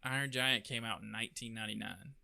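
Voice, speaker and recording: Guy hosting a podcast, bright edgy voice, super dry sound, easygoing. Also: fairly low pitch, steady tone, quick pace, gravelly, no echo. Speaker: podcast host. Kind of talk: casual chat.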